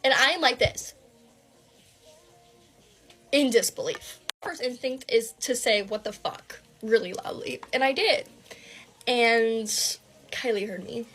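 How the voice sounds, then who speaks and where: A young woman tells a personal story in a casual storytime style. Her voice sits slightly high. Her telling is dramatic and quick, with "like" fillers and swearing throughout. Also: fairly bright tone, soft background music.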